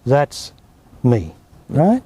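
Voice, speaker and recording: A man's voice: medium pitch, wildly swooping pitch, very slow, warm tone, slightly rough. A man with an Australian accent, a spiritual teacher giving emphatic, blunt answers in an interview. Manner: emphatic, blunt, dismissive of objections.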